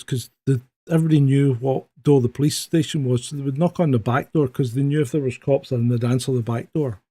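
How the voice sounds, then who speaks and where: A man's voice: medium pitch, husky. A man with a Scottish accent, a former police officer, chatting casually on a podcast and animatedly telling a story. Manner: animated storyteller, acts out dialogue. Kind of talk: casual chat, anecdote telling.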